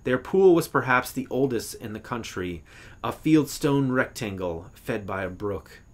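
Reading a literary short story aloud, a man speaks at medium pitch in a measured, expressive way. He is an English professor and occasionally corrects himself.

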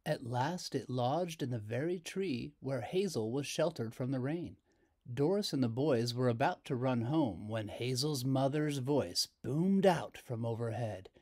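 A man reading a children's picture book aloud, taking his time over each line. His voice rises and falls widely, giving the story plenty of color. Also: mid-range voice. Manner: slow, expressive read-aloud.

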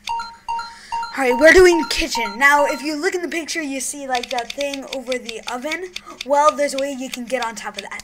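Excitable young woman narrating a game. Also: high voice, unhurried, over loud music, poor audio. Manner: excitable, shrieks and giggles, drops to mumbled whispers. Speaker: gaming YouTuber. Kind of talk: gameplay commentary.

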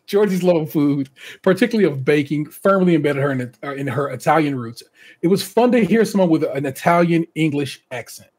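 A man's voice: a little high, lively intonation, brisk, a little mellow, slightly rough. A man hosting a casual podcast, reading out contestant bios and breaking off for chatty asides and laughter. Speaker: podcast host.

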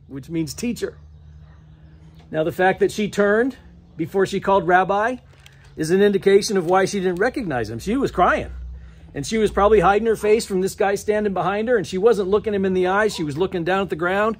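A man's voice: high-pitched, moderate pace, pauses often, breathy edge. A middle-aged male pastor preaching a sermon in a church, telling the story with restarts and acting out the quoted lines. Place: church sanctuary.

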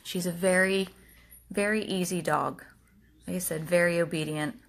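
A woman's voice: on the low side, steady tone, moderate pace, vocal fry. A woman, a dog rescue volunteer, earnestly pleading with viewers in a home video.

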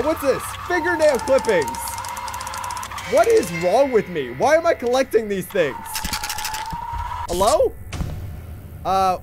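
A young man hosting a let's play, giving sarcastic, jittery play-by-play of a horror game. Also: very high-pitched. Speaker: gaming channel host.

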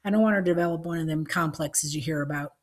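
A woman's voice: low-pitched, quick pace, close to an everyday voice. A woman reading an audiobook, voicing a tough, blunt old country grandmother with a dry, unbothered wit.

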